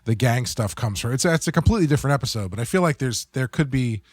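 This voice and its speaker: A man co-hosting a podcast in casual chat, thinking aloud with halting fillers. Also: medium pitch, lively intonation, no echo. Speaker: podcast co-host.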